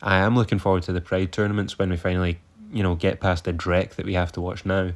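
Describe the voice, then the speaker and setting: A man's voice: deep voice, flat delivery, fast talker. Sarcastic, exasperated male fight reviewer. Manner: sarcastic and exasperated, swears freely. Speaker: MMA event reviewer. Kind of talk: casual spoken event review.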